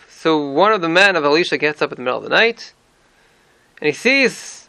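A man teaching a Torah class, explaining lively with many rhetorical questions and Hebrew terms. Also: fairly high pitch, fast talker, vocal fry, no room sound. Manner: animated explaining, frequent rhetorical "right?"; mixes in Hebrew terms and verse readings.

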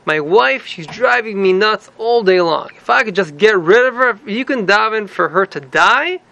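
A man's voice: high-pitched, lively intonation, normal speed, vocal fry, sharp tone, full character voice. A man playing a whining, henpecked husband who pleads and complains. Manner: pleading, whiny.

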